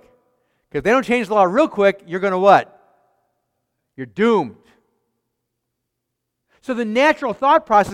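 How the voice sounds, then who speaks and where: A man's voice: high voice, long reverb tail. A man preaching a sermon as pastor, emphatic, with rhetorical questions and repeated phrases.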